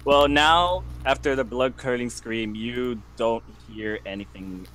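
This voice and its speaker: A man narrating as game master of a tabletop game, slow and hesitant with many pauses. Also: mid-range voice, fairly bright tone, slight background noise.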